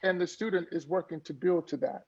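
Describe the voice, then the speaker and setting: Casting: high-voiced gravelly man, husky edge, earnest motivational coach, dull lo-fi audio. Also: a little fast. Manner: earnest, motivational, repeats words as he builds a point. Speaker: podcast guest, mindfulness coach. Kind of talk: conversational interview.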